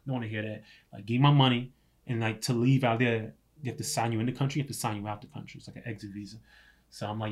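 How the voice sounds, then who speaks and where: A man telling a story in casual chat, animated and laughing often, swearing freely. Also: medium pitch, quick pace.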